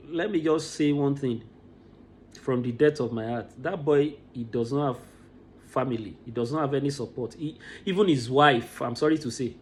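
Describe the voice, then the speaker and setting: A man's voice: a little high, darkish tone, slight background noise. A man from Nigeria, giving an emotional commentary and often repeating words as he restarts his sentences. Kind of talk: impassioned commentary.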